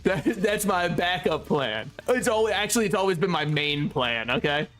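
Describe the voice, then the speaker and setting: A man's voice: high voice, animated, normal speed, a bit bright. A young man streaming a game, talking casually with a joking, sarcastic manner and frequent laughter. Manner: joking, sarcastic, laughs often, swears freely. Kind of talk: casual gameplay commentary. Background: faint game music.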